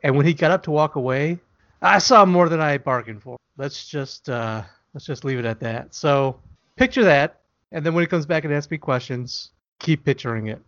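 A man co-hosting a casual podcast, teasing and crude with a deadpan delivery. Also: a little high, normal speed, highs cut off. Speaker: author and podcast co-host.

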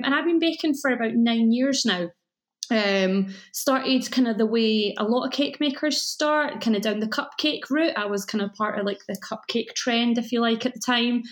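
A woman in her thirties with a Scottish accent, chatting casually as a podcast guest with plenty of ums. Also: fairly high pitch. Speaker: guest, cake school owner.

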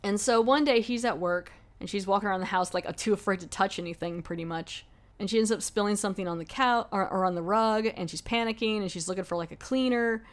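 A woman hosting a podcast, casually reviewing a horror film in a rambling, chatty way. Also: medium pitch. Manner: rambling, chatty, lots of "like" fillers. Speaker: podcast host.

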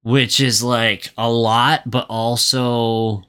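Podcast co-host, male, bright voice, profane and rambling recap delivery. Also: mid-range voice, flat delivery, slow pace, clear, resonant tone. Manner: profane, ranting, lots of filler words. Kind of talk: casual movie recap.

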